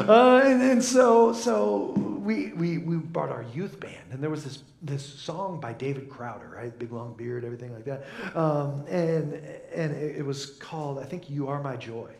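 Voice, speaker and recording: A man's voice: on the high side, gravelly, reverberant. A man preaching a humorous sermon in a church, joking and mimicking voices as he talks. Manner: jokey, animated, mimics voices, frequent laughs. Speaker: pastor.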